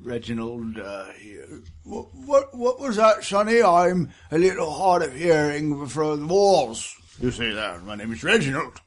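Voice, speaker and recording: A man's voice: on the high side, sing-song, measured pace. A man voicing a rambling, pompous old male pet who is hard of hearing and stammers through long tales.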